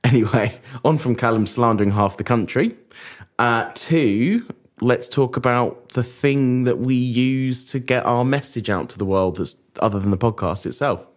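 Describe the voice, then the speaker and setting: A man co-hosting a podcast, chatting casually with deadpan, teasing jokes. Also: medium pitch, normal speed. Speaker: podcast co-host. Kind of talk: casual chat.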